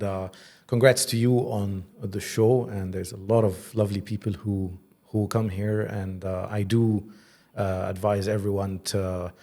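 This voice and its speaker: A man in his forties, a voice actor and creative director, telling stories animatedly in a casual interview, often laughing. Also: lowish voice. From Egypt. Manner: animated storyteller, slips into mock accents and laughs.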